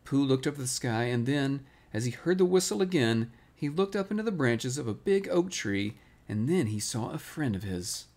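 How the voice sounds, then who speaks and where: A man reading a bedtime storybook aloud in a gentle, relaxing way. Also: medium pitch, lively intonation, moderate pace, few pauses. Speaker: storybook reader.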